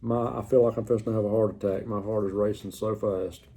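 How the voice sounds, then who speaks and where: A man's voice: on the low side, fast, husky. A middle-aged man, casually telling a story to the camera in a drawling, folksy way. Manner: drawling, folksy, animated retelling.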